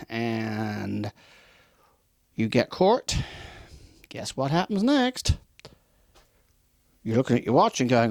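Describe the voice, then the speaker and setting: A man's voice: mid-range voice, lively intonation, takes it slowly, vocal fry, pauses often, a little mellow, no echo, clean studio sound. Emphatic male customer service trainer. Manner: emphatic, repetitive warnings; acts out customer dialogue in quotes. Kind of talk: unscripted training talk.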